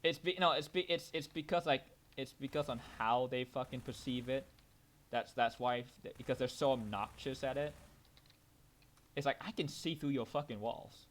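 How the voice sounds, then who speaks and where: A young man co-hosting a podcast while gaming, chatting casually, rambling and swearing, with many restarts and loud bursts when ranting. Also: mid-range voice, normal speed. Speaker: podcast co-host.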